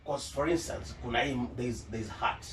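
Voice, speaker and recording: A Kenyan man, a journalist, chats in an interview with a middle-pitched voice. He tells his stories with animation and drifts between English and Swahili. The mic sits some distance off, with a faint hiss behind. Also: normal speed. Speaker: journalist, guest. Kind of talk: casual interview chat.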